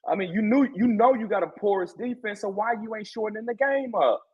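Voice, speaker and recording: A man's voice: sits high, brisk, slightly rough, highs cut off. A man talking football on a casual sports podcast as a guest co-host. He talks with passion and repeats himself to drive a point home. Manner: impassioned, animated, repeats himself for emphasis.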